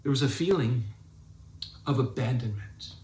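A man's voice: mid-range voice, moderate pace, a little mellow, echoey room, a little hiss or hum. A man preaching a sermon as pastor, emphatic and drawn out, repeating words for stress.

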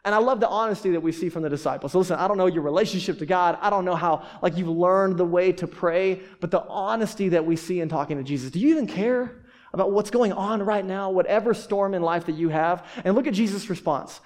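A man's voice: high-pitched, fast. A man preaching a sermon to a congregation in a casual, conversational way, asking rhetorical questions and often restarting his words. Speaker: pastor.

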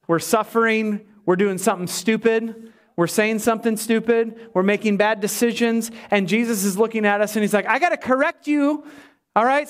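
High-voiced man preaching a sermon. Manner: conversational, self-deprecating storytelling. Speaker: pastor.

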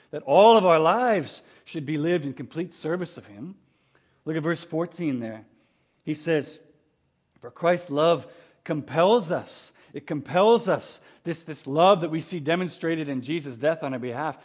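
A man preaching a sermon as pastor, in a conversational way, often asking his listeners questions. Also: on the high side. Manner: conversational, asks rhetorical questions.

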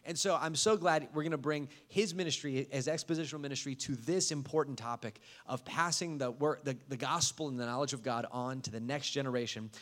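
A man, a pastor, introducing a guest preacher in a halting way with many fillers. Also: medium pitch, fairly bright tone. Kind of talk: church announcement.

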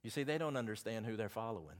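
A man's voice: on the low side, lively intonation, fast talker. A man with a Southern accent preaching a sermon, chatty and folksy, with asides between the scripture readings.

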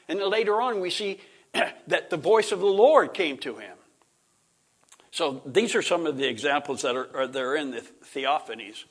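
In a loose, lecture-style Bible lesson, a middle-aged man wanders through his points, restarts sentences, clears his throat and chuckles. He speaks at a moderate pace in a voice on the high side, a bit bright.

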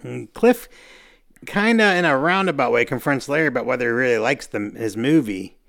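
A man's voice: medium pitch, animated, fairly quick, gravelly, fairly bright tone. A man co-hosting a casual podcast, chatting with a friend. He laughs a lot and recaps TV scenes in an easygoing way, sometimes acting out the lines he quotes. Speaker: podcast co-host. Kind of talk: casual chat.

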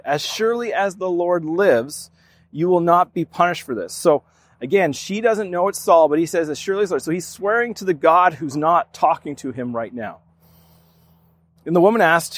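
Male preacher, slightly high voice, relaxed conversational Bible study delivery. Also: no room sound. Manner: conversational, reads scripture then explains with restarts. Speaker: pastor. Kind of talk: sermon, Bible teaching.

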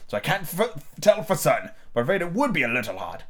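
Storybook figure: grave, rambling knight-inventor, read by a man, raised pitch, animated. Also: quick pace. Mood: earnest. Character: bumbling solemn male knight inventor.

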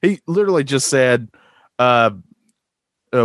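A man's voice: mid-range voice, lively intonation, measured pace, long pauses, dry recording, studio quality. A man co-hosting a podcast in casual chat, rambling with lots of fillers and restarts. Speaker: podcast co-host.

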